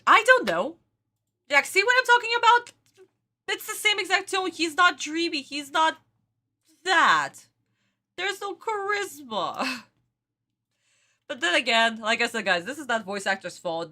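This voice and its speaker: A woman with a high, sharp voice hosts a reaction video, giving casual commentary on a show. She rants in exasperation and laughs at what she's watching.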